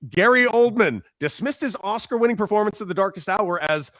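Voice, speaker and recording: A man co-hosting a casual sports talk show, excitable and quick to laugh as he reads out items. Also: high-pitched, dry recording, clean studio sound.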